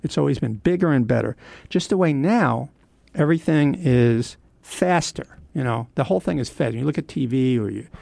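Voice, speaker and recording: Gravelly older American man reminiscing. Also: mid-range voice, expressive, warm tone, dry recording. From United States. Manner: rambling, wry reminiscing with frequent pauses. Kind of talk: reflective monologue.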